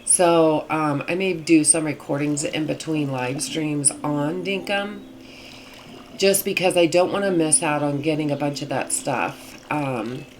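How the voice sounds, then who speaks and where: A woman hosting her gaming channel, chatting casually through gameplay in a rambling way, with a husky morning voice. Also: sits low, unhurried, background noise. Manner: chatty, rambling with many fillers.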